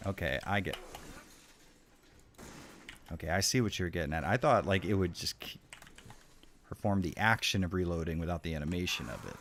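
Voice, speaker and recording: Low-voiced swearing young male gamer. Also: normal speed, pauses often, slight background noise. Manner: profane, excitable, jokey trash talk at the game. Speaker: streamer. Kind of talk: live gameplay commentary.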